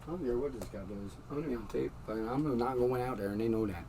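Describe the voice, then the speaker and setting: A man's voice: mid-range voice, fast talker, mellow, distant mic, a little hiss or hum, poor audio. A man in a heated, swearing rant about his landlord, recorded in his bedroom. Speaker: tenant in a dispute. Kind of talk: angry rant to camera. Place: bedroom at home.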